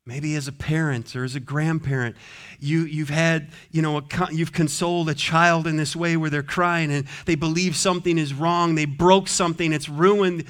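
A man preaching a sermon as pastor, moving between soft, gentle consoling passages and emphatic, repeated declarations. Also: on the high side, fairly even intonation, normal speed.

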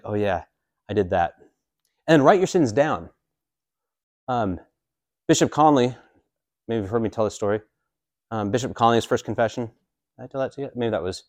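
A man's voice: mid-range voice, a little mellow, no echo. A man in his forties, a priest, teaching a catechism class in a casual, joking way with many fillers. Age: 40s.

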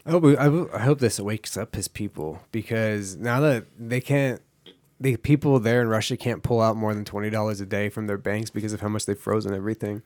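A man's voice: on the low side, a little fast, a little mellow, no echo. A man co-hosting a comedy podcast, blunt and swearing freely. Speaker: podcast co-host. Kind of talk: casual comedic chat.

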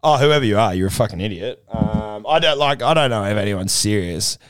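A young man in casual studio chat, animated and swearing freely as he acts out what others said. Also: fairly low pitch, brisk, clear, resonant tone, no room sound. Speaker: podcast co-host.

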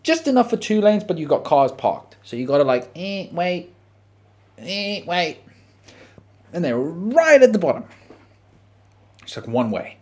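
An Australian man hosting a podcast, telling a story in a casual, animated, profane way. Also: on the high side, moderate pace, slightly rough. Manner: animated, profane, dramatic retelling. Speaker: podcast host.

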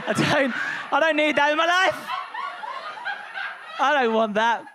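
A woman comedian doing a punchy, animated stand-up set on a club stage. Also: lowish voice. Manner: animated, punchy, laughing through lines.

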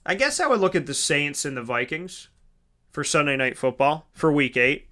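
A man's voice: a little high, very animated, normal speed, bright, forceful tone. A man hosting a casual solo sports talk show, chatty and rambling, correcting himself mid-sentence and calling his listeners folks.

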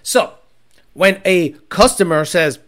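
A man hosting a livestream and reading chat, talking bluntly and profanely, often bursting into loud shouts. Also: high-pitched, expressive, takes it slowly. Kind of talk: casual ranting chat.

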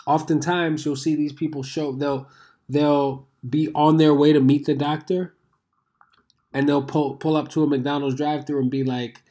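A man's voice: a little high, level tone, moderate pace, dark tone. A man in his thirties hosting a show, talking in a rambling, conversational way and swearing freely. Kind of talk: casual monologue.

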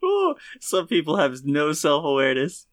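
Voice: medium pitch, wildly swooping pitch, moderate pace, no room sound, studio quality. Wry teasing podcast co-host. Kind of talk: casual podcast chat.

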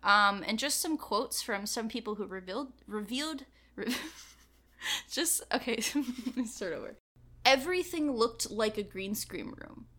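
A woman's voice: on the high side, lively intonation, measured pace, sharp tone. A woman co-hosting a podcast in casual chat, often laughing at her own slips. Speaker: podcast co-host.

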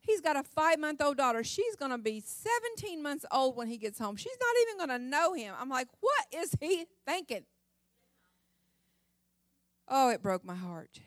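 A woman's voice: high-pitched, a bit bright, no echo, studio quality. A middle-aged woman giving a church testimony, telling her story in a dramatic, emphatic way. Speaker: church speaker. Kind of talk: sermon testimony.

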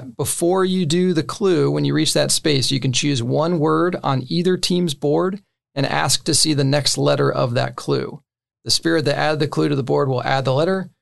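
A man's voice: on the high side, creaky. A man casually explaining the rules of a board game to friends, with many fillers and short laughs. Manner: relaxed, filler-heavy, laughs between points.

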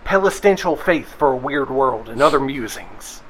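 A man's voice: mid-range voice, expressive, moderate pace, close to an everyday voice, rough recording. A man playing a grandiose male preacher and orator with a revival-preacher cadence. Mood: preachy. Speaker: player.

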